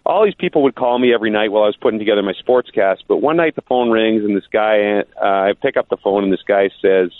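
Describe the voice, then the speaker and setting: A man's voice: lowish voice, fast, few pauses, no echo. Brief: a male guest storyteller with a wry tone, heard over a thin, dry phone line. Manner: joking storyteller. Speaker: guest, TV sportscaster. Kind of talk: phone-in podcast chat.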